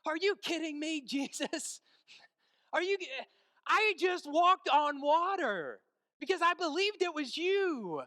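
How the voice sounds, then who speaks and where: A man preaching and quoting a bold, panicked fisherman who pleads in a raised, high voice. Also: moderate pace, long pauses, fairly bright tone, no echo, clean studio sound, long reverb tail. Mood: pleading.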